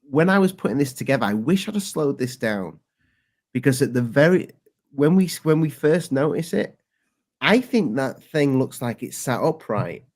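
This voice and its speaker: Halting man on a podcast. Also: mid-range voice, a little mellow. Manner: halting, restarts sentences. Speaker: co-host. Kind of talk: casual podcast chat.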